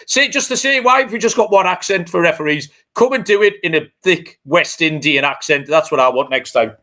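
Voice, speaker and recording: A man, co-hosting a podcast in loose, casual chat. His voice is bright and a touch high, and he rants bluntly with plenty of swearing. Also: expressive, fairly quick, few pauses. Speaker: podcast co-host.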